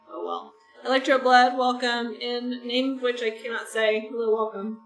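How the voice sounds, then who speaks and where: Woman streamer, rambling easy chat; mic set back in a roomy space, soft game music underneath. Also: on the high side, little pitch movement, measured pace, far from the mic. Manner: rambling, chatty, talks to chat viewers. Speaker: gaming streamer. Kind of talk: casual chat while playing a game.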